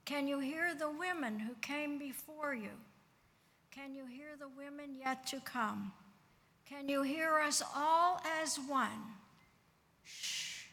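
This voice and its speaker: A woman with a high, bright voice reads a prayer meditation slowly and in a hush. The long reverb of a synagogue sanctuary trails behind each phrase. She lets each question hang before the next. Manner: hushed, slow, repeated questions. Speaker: service reader. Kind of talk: slow reading of a prayer meditation.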